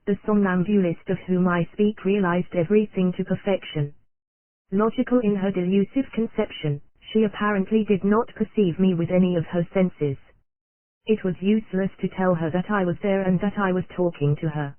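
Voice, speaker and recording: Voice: medium pitch, steady tone, moderate pace, no echo. Tinny, phone-like audiobook narration. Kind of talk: scripted narration of an old psychology text. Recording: tinny phone-like dry sound.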